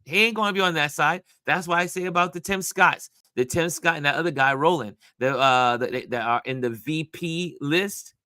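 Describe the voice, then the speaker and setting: A man from New York hosting a casual talk show, telling a story in an animated way with many restarts. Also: fairly high pitch, moderate pace, hardly any pauses, no room sound, studio quality. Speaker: host.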